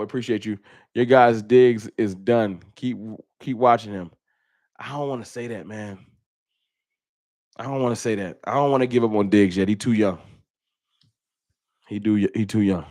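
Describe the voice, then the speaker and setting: A man's voice: lowish voice, normal speed, long pauses, darkish tone, no echo, studio quality. A man hosting a casual fan livestream, reading super chats and venting with frustration and bursts of laughter. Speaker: fan channel host.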